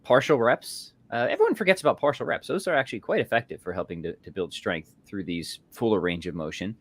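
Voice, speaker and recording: A man's voice: fairly low pitch, animated, fast, fairly bright tone, no room sound. A man hosting a podcast, upbeat and affirming, reading out listener questions. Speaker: podcast host. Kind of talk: casual podcast chat.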